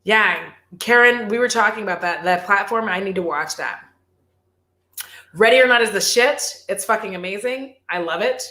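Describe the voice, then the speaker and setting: A woman vlogger chatting casually on a livestream, animated, swearing and laughing often. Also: mid-range voice, normal speed, echoey room.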